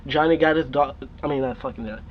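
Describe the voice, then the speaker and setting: A man's voice: mid-range voice, fast talker. A young man casually telling a rambling, profane story on his vlog. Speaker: storytime vlogger. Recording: dull lo-fi recording with faint noise.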